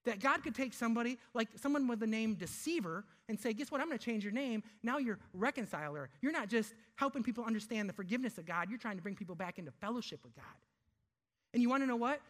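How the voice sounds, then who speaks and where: A man preaching a sermon, emphatic, asking rhetorical questions and slowing down to stress key words. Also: very high voice, animated, fairly bright tone. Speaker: pastor.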